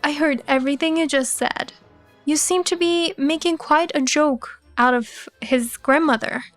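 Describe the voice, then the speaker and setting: A woman voicing a calm, firm elderly male company head of about seventy in a narrated story. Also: sits high, measured pace, dry recording, soft background music. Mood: stern. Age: 70s.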